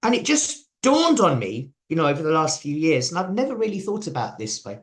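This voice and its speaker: English guy giving a devotional talk, chatty, kinda high voice swinging up and down a lot. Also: big pitch swings, a little fast. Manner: chatty, asks audience questions. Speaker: preacher.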